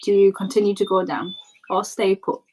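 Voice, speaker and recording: Woman, game master, mid-pitched, loose descriptive narration with fillers. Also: flat delivery, normal speed, a little mellow, breathy edge, rough recording.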